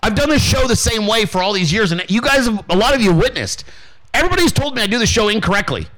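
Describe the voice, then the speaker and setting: A man's voice: sits high, big pitch swings, fast talker, a bit bright, rough recording. A man hosting his own show, ranting in a brash, profane way and acting out the voices of people he quotes. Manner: brash, swearing constantly, acts out quoted voices. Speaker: podcast host. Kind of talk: profane motivational rant.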